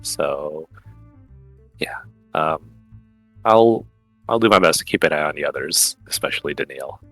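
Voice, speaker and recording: A man's voice: extremely low pitch, expressive, unhurried, fairly bright tone, no room sound, soft background music, full character voice. A man playing an easygoing woman mercenary. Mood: reassuring. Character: level-headed young woman mercenary.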